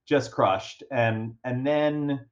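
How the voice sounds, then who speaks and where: A young man telling a story in a casual chat, animated and self-deprecating, with lots of fillers and restarts. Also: medium pitch, very slow. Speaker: guest. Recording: dull lo-fi sound.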